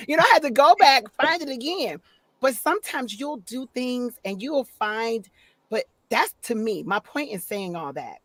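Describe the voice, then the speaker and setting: A woman chatting as a guest author on a video call from her office, telling stories in an expressive, upbeat way. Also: a little high, moderate pace, dry recording. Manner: expressive, upbeat storyteller who acts out quotes. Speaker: guest, author and voice-over talent. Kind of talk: casual interview chat. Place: home office.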